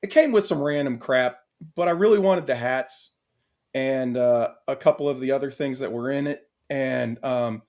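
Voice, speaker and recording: A man co-hosting a casual podcast chat, rambling and excitable, laughing often. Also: mid-range voice, normal speed. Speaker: podcast co-host.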